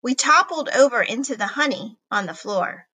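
A woman reading a children's chapter book aloud in an expressive storybook narration. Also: on the high side, moderate pace, slightly rough, poor audio. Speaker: reader.

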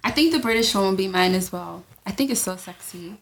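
A woman co-hosting a podcast in casual chat, easygoing and quick to agree or ask questions. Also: medium pitch, slight background noise. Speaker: podcast co-host.

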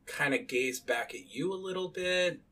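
A man's voice: on the high side, lively intonation, normal speed, fairly bright tone. A man as game master, narrating a tabletop game in a casual, filler-heavy way.

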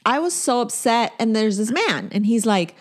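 A woman's voice: fairly high pitch, sing-song, normal speed. A woman co-hosting a podcast, telling a story in casual chat, acting out quotes and laughing often. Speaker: podcast co-host.

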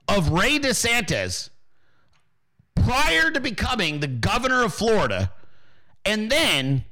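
Loud swearing male political ranter. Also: high voice. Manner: loud, mocking, swears constantly. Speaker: political commentary streamer. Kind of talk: profane ranting commentary.

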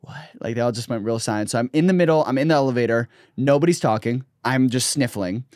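A man telling a story in casual chat, animated, jumping into other voices for the people he quotes. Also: medium pitch, fast, no echo, clean studio sound. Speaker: guest.

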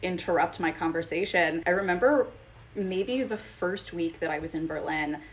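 A woman's voice: lowish voice, moderate pace. A woman hosting a podcast interview, chatty and wry as she tells her own stories. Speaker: podcast host. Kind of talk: conversational interview.

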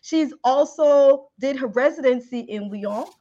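A bubbly woman host with a fairly high voice, gushing and lively as she introduces her guest. The sound is a bit dull and lo-fi. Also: unhurried. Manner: effusive, animated, repeats praise words. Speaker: podcast host. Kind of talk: enthusiastic podcast interview.

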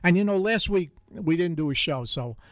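A man's voice: sits high, expressive, normal speed, no room sound, clean studio sound. An older man with a Bronx accent, hosting a radio show in casual, joking chat and telling stories with easy laughter. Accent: Bronx New York. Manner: chatty, joking storyteller who laughs easily. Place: radio studio.

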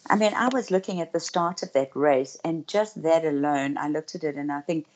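A woman's voice: low-pitched, fairly quick, darkish tone. A woman co-hosting a podcast, asking questions in an enthusiastic, supportive way. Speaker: podcast co-host. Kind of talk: casual podcast chat.

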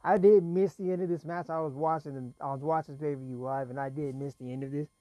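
A man's voice: on the high side, fairly even intonation, quick pace, mellow, no room sound. A man casually recapping wrestling results in a rambling, chatty way, fighting a cough and laughing between points. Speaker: wrestling show reviewer.

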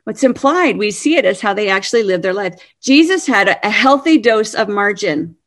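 A woman in her fifties giving a sermon-style talk, earnest and animated, laughing now and then. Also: mid-range voice, moderate pace. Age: 50s. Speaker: speaker.

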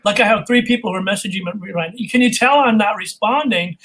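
A man who coaches voice work, chatting as a guest on a video call, animated and quick to laugh. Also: sits high, slight background noise, low-quality recording. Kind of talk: casual video call chat.

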